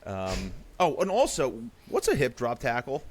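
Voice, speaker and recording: A man's voice: medium pitch, huge pitch swings, moderate pace. A man co-hosting a sports podcast, chatting casually and rambling with sarcastic asides. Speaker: podcast co-host.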